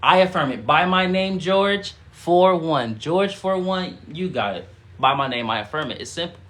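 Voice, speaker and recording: Emphatic high-voiced man leading affirmations. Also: expressive, normal speed, a bit bright. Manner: emphatic call-and-response, repeats phrases; casual slangy speech. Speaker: spiritual guide. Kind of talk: livestream affirmations and guided breathing.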